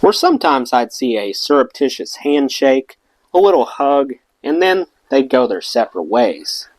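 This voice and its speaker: A man's voice: medium pitch, very animated, moderate pace, no echo, poor audio. A man reading a rock memoir aloud as an audiobook, giving the quoted lines their own voices. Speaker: audiobook reader.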